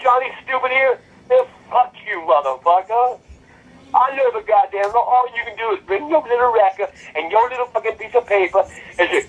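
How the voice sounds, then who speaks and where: An older man cursing and ranting furiously on a phone call, with a raspy voice. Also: sits high, fairly quick. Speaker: prank call target. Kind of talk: prank call rant.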